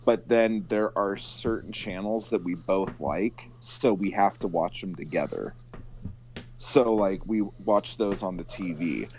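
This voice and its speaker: A man's voice: low-pitched, measured pace, a little mellow, slight background noise. A man co-hosting a casual chat show over a video call. He tells stories with swearing and mimics the people he is talking about. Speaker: podcast co-host.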